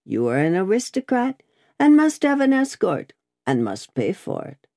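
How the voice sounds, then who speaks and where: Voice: medium pitch, sing-song, a little slow, darkish tone, no echo, studio quality. A reader voicing a nervous, deferential male village official in a classic audiobook. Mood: timid official. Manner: timid, yielding.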